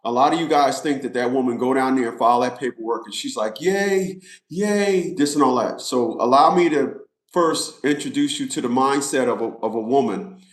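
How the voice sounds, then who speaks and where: A man's voice: mid-range voice, brisk. A man talking straight to his viewers in a casual monologue, emphatic and repetitive, like a preacher. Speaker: vlogger. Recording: roomy echo.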